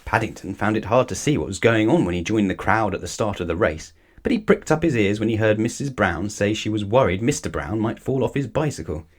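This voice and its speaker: A man reading a children's storybook aloud with lively, expressive narration. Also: lowish voice, brisk, breathy edge. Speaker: storybook reader.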